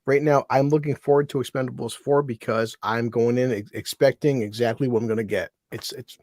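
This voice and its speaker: A man from New York State chatting on a podcast, rambling and halting, full of filler words. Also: mid-range voice, fairly even intonation, a little mellow, no echo, clean studio sound. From New York State, USA. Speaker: podcast co-host, film reviewer. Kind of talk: casual late-night chat.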